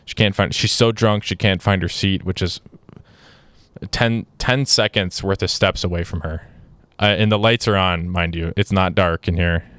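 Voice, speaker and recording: A young man with a low, smooth, resonant voice tells a story casually, full of restarts and filler words. He sounds exasperated as he goes along. The sound is dry and close, with no room echo. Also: fairly even intonation, normal speed, a bit bright. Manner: exasperated, rambling with many restarts and "like". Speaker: podcast host.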